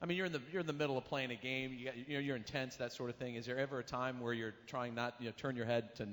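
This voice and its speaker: A man's voice: mid-range voice, fairly even intonation, very fast, a bit bright. Playful male moderator in a hall. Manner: playful, teasing questioner. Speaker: panel moderator. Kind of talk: hosting a fan panel Q&A. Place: stage in a large convention hall. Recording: reverberant convention hall.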